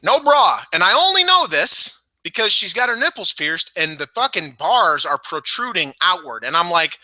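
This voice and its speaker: This man talks with a wide, lively pitch swing and a sharp, forceful edge to his voice. He spins a casual, profane story from home, slipping into voices for the people in it. The sound is close and dry. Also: moderate pace, no echo, low-quality recording. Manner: animated storyteller, swears often, mimics people. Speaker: podcast co-host.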